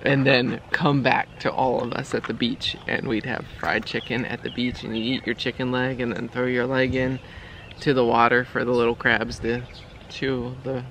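A man in his thirties telling a relaxed, slow story to his wife for a vlog, outdoors by the water. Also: medium pitch, a little hiss or hum. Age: 30s. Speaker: vlogger. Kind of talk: casual chat.

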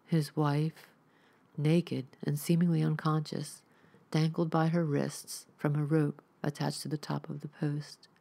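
A woman hosting a ghost story podcast, reading a horror tale in a measured, steady way. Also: low-pitched, vocal fry. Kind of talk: scripted horror narration.

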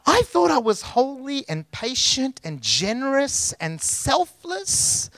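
A man's voice: very high voice, sing-song, slow pace, fairly bright tone, dry recording. A middle-aged man preaching a sermon as pastor, emphatic and conversational, often repeating phrases for weight.

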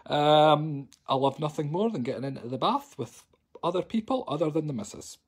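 A man's voice: a little high, expressive, normal speed, husky. A man, a psychic medium, chatting cheekily and jokily to viewers on a live stream from his sofa at home into a phone. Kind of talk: casual live-stream chat.

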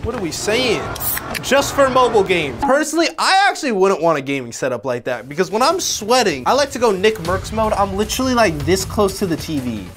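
A young man hosting a reaction video, talking casually with slang and quick exclamations. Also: sits high, very animated, music in the background.

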